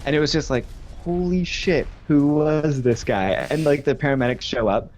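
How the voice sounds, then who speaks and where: A man's voice: a little high, moderate pace, a little mellow. A young man tells a long story in a loose, rambling way, full of fillers. He keeps laughing and slips into his friends' voices as he quotes them. Faint noise sits under the recording. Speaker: stream co-host. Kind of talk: casual storytelling chat.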